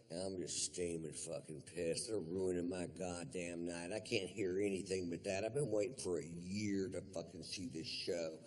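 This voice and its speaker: A man's voice: deep voice, normal speed, few pauses, darkish tone. Man drawling a profane comedy story. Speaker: stand-up comedian. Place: live theater stage before an audience.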